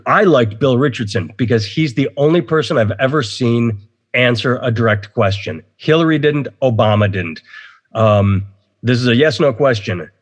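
A man's voice: mid-range voice, moderate pace. A man hosting a casual podcast, rambling opinionatedly and swearing freely. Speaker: podcast host. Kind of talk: casual chat.

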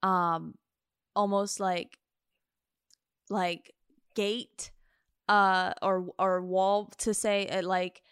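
A woman's voice: medium pitch, flat delivery, very slow, long pauses, a bit bright, smooth, no room sound, studio quality. Woman host chatting, lots of likes and ums, super clean voice. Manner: affirming, with lots of fillers. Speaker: podcast host. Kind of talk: casual chat.

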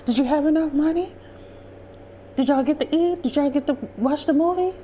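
An eager middle-aged mother who wants every detail, as a woman puts her on, her voice jumping high with excitement. She pelts out questions one after another. The recording is dull with a faint hiss. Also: rapid-fire, natural voice.

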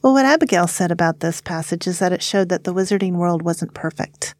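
Professor lady, low calm voice, measured and thoughtful, guest on a podcast. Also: no echo. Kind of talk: casual reflective discussion.

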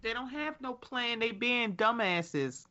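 A woman's voice: a little high, animated, slow pace, bright, forceful tone, dull audio. A woman giving blunt, sassy opinions in a casual show recap. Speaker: guest co-host.

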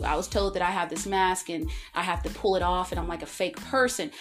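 A woman hosting her own podcast, talking candidly and expressively, with big swings in pitch and loudness for emphasis. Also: moderate pace, few pauses, faint music behind. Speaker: podcast host. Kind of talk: candid solo podcast monologue.

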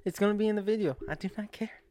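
A man's voice: high-pitched, rapid-fire, dark tone. A young man vlogging to camera in a rambling, self-mocking monologue, often breaking into laughs and sighs.

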